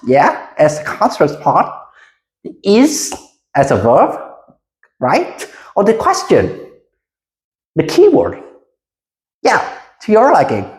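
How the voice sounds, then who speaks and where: Slow, lively-pitched teacher in echoey room. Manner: slow, deliberate, with frequent hesitations; lively pitch, leading the class in repetition. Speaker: English teacher. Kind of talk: classroom micro lesson. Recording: roomy echo.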